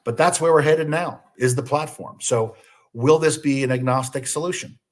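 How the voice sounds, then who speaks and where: A man giving a business webinar presentation, posing questions and then answering them himself, with frequent "uh" fillers. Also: a little high. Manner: slows down deliberately for listing items.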